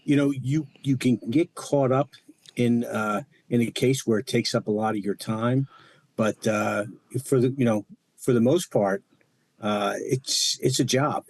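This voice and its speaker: A man's voice: mid-range voice, fairly even intonation, measured pace, dry recording. An older man, a former agent, speaking plainly with many "you know" fillers. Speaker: guest, former FBI agent. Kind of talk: casual podcast interview.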